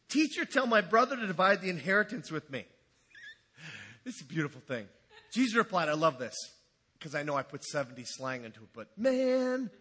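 A man's voice: high voice, husky. A man preaching a humorous sermon, joking and acting out the scripture he quotes. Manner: animated, jokey, acts out quotes.

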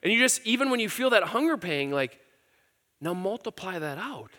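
A man's voice: high voice, big pitch swings, normal speed, sharp tone. A middle-aged man preaching a casual, earnest sermon, with fillers and repeated words as he explains scripture. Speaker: pastor. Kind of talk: conversational sermon.

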